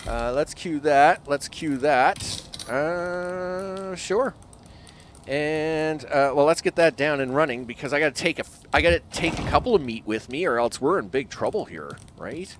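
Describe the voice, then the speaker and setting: A man's voice: fairly high pitch, animated, normal speed. A man casually commenting on his live gameplay, chatting to the animals in the game and grumbling at his bad luck. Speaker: game streamer. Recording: noisy game sound behind voice. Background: game ambience and vehicle sounds.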